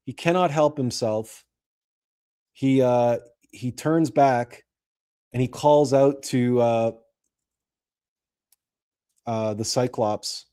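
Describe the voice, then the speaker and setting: Slow, mellow-voiced man retelling a story. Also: mid-range voice, clear, resonant tone. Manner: deliberate, explanatory storytelling. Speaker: host. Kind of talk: commentary and retelling of a classic story.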